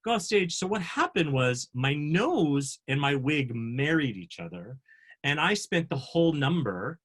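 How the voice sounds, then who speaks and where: A man hosting a video panel, telling a self-mocking backstage story with animated, acted-out quotes. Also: mid-range voice, measured pace. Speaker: panel host, actor. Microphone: video call.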